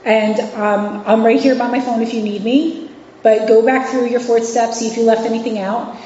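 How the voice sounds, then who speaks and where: A woman in her forties with a fairly high yet mellow voice tells her recovery story candidly, full of fillers and restarts. She speaks as a guest at a meeting, and her voice rings through a reverberant hall. The recording is dull and lo-fi, with faint noise underneath. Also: steady tone, moderate pace. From New York City and Virginia. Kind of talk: personal recovery share. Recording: echoey hall, dull lo-fi sound.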